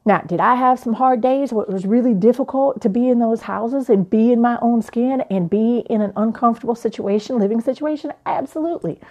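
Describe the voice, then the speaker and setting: A young adult woman, a life coach, telling a personal story in an animated, playful way. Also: a little high, fairly quick, hardly any pauses, dull audio.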